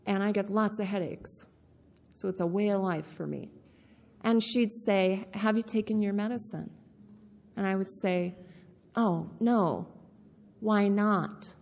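Slow candid woman in an echoey hall. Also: medium pitch, gravelly, darkish tone. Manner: candid, repeats key phrases, slow deliberate delivery. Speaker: speaker sharing her recovery story. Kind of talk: personal testimony talk. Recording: echoey hall with long reverb.

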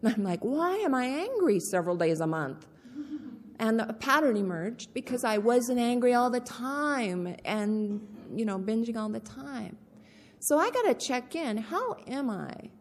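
A woman sharing her recovery story in a candid, deliberate way, often repeating key phrases. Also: fairly high pitch, very animated. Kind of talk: personal testimony talk. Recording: echoey hall with long reverb.

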